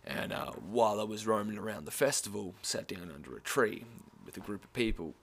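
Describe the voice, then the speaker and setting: A young Australian man tells a rambling story in a loose, laid-back way, full of swearing and quick laughs. His voice sits a little low for a man. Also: animated, creaky, breathy edge. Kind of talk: casual storytelling.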